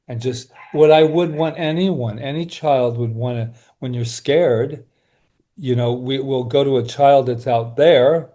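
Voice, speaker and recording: Earnest soft-spoken man, mellow tone. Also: mid-range voice. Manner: earnest, soft-spoken, often slowing and quieting. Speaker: guest, workshop leader. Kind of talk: reflective interview talk.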